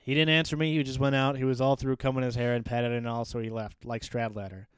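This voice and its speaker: Animated, jokey man with a smooth voice. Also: mid-range voice, fast talker, dry recording, clean studio sound. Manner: animated, jokey, laughs often. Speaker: podcast co-host. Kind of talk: casual book discussion.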